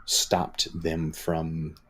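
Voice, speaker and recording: A man's voice: extremely low pitch, completely flat delivery, very slow, pushed and bright. A man narrating as dungeon master, describing scenes with frequent fillers. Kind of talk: narrating a tabletop game.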